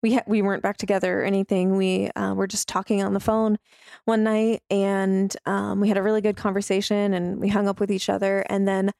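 A woman with a mid-range voice and a gravelly edge shares a personal story. She speaks openly and from the heart, with casual fillers throughout. The recording is dry and close. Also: medium pitch, little pitch movement, a little fast, darkish tone, no echo. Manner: heartfelt, open, with fillers like "like" and "you know".

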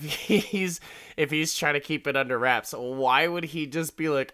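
A man's voice: mid-range voice, measured pace, pushed and bright. A man rambling through a casual recap of a TV episode, swearing freely and laughing often.

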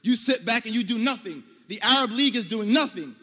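An American man giving an emphatic debate speech to an audience, pressing his points and rising to near-shouts. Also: very high-pitched, animated, a little fast. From United States. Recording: long hall reverb.

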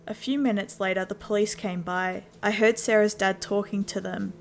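A woman telling a scripted first-person horror story in a steady, mid-pitched voice. Faint music plays beneath her narration. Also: normal speed, creaky, few pauses.

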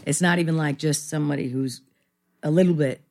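A woman's voice: low-pitched, steady tone, brisk, darkish tone. Rambling self-deprecating woman in her fifties. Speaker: guest actress. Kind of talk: casual podcast interview.

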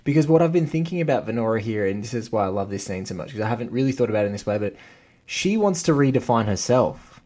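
A man's voice: mid-range voice, animated, quick pace, warm tone. A man hosting a podcast, talking through a film scene with enthusiasm in casual chat and quoting its dialogue. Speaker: podcast host.

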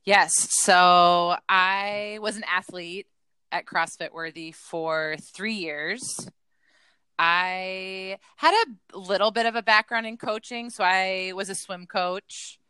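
Woman, podcast co-host, fitness coach, earnest storyteller, bright, crisp. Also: medium pitch, steady tone, slow, no room sound. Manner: earnest storytelling, acts out her past self in quotes. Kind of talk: casual podcast chat.

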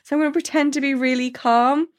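A woman voicing a young male rogue who is panicking while trying to seem calm, rambling in a flustered way. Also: high voice, fast talker, voice pushed up, lightly acted. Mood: panicky.

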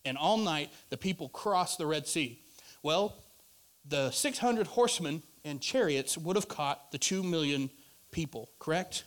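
A male pastor preaching a sermon in a conversational way, rising to loud emphasis and dropping to quiet asides. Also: on the high side, expressive, unhurried.

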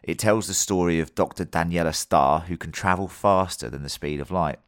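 A man with a low voice hosts a casual podcast, telling a story loosely at a moderate pace, with plenty of fillers and the odd swear word. The recording is dry, with clean studio sound.

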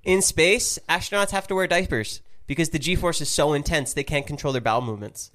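A man hosting a podcast in casual chat, asking quick, teasing questions. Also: on the high side, a bit bright. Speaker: podcast host.

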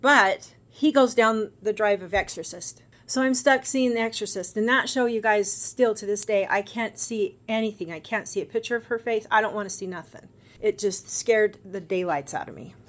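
A middle-aged woman, a guest on a podcast, telling a personal story in a casual, animated way and acting out the other people's lines. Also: medium pitch, normal speed. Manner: animated, acts out quoted voices.

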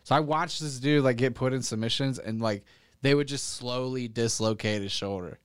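Young man, casual chat, many fillers, profane, laughs often, middling pitch, smooth tone. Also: moderate pace, no echo, studio quality.

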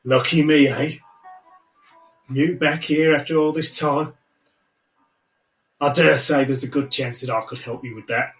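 A man's voice: mid-range voice, fairly even intonation, unhurried, long pauses, echoey room, faint music behind, close to an everyday voice. A man voicing a surly, one-eyed male bounty hunter captain who speaks bluntly and grudgingly. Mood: gruff.

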